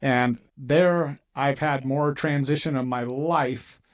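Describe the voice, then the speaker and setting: A man's voice: mid-range voice, takes it slowly. A middle-aged man hosting an interview, telling a long personal story and acting out the dialogue in it. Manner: animated storyteller, acts out quoted dialogue. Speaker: podcast host, mortgage company owner.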